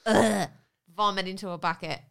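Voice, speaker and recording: A woman co-hosting a podcast in casual chat, chatty and animated, laughing often as she tells stories. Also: mid-range voice, fairly quick, vocal fry, smooth. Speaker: podcast co-host.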